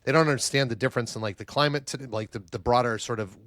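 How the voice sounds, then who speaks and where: A man's voice: medium pitch, quick pace, fairly bright tone, dry recording, studio quality. A man from Boston hosting a podcast interview, asking enthusiastic, long-winded questions. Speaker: podcast host.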